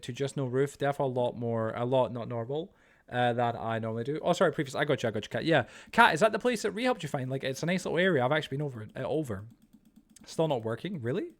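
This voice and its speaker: Male game streamer, mid-pitched, loose rambling chat full of filler, teasing and joking with friends. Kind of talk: casual live-stream chat while playing.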